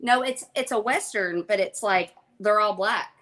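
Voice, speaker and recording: A woman's voice: medium pitch, measured pace, crowd noise. A woman chatting casually on a live stream, blunt and gushing, swearing freely. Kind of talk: casual chat.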